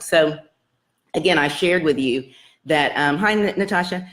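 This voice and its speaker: A woman's voice: fairly low pitch, moderate pace, fairly bright tone. A woman casually telling her personal story to her online viewers, earnest and rambling, with many fillers and restarts. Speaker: self-help vlogger.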